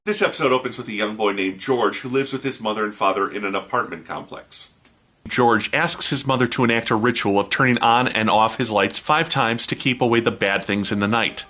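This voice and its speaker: A man hosting a comedy review show, giving a snarky, deadpan recap narration. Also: fairly low pitch, brisk, soft background music.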